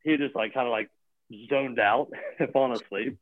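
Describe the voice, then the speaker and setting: A man's voice: mid-range voice, normal speed, slight background noise. Rambling man on a tinny line. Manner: rambling, heavy with filler words and restarts. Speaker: guest; gym owner or coach. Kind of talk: casual chat. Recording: tinny phone-like line, dry.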